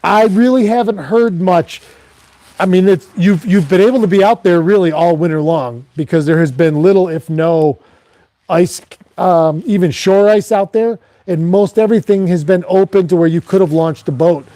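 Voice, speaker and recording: A man's voice: high voice, moderate pace, dark tone, no echo. A man, a fishing guide and host, chatting casually while he reads viewer comments, rambling along with many "um"s and restarts. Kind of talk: casual live chat reading viewer comments.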